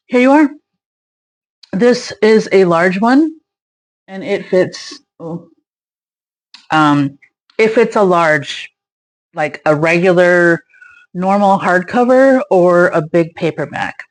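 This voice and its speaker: A woman's voice: fairly low pitch, expressive, slow pace, long pauses. A young woman chatting casually as a craft vlogger, rambling with many fillers and trailing off mid-thought. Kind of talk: casual chat.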